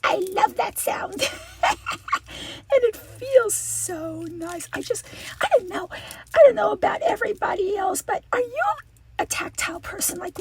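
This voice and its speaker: A woman hosting a crafting channel, chatting casually and gushing with excitement as she opens gifts from viewers. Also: very high voice. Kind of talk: casual unboxing chat.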